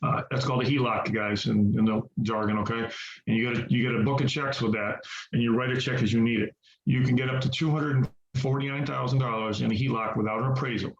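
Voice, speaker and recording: A man's voice: medium pitch, fairly even intonation, fast. A man leading a real estate investing training on a group call. He talks in a folksy, chatty way, repeats words for emphasis and calls his listeners guys. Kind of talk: conversational teaching on a group call. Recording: roomy, muffled call audio with faint hiss.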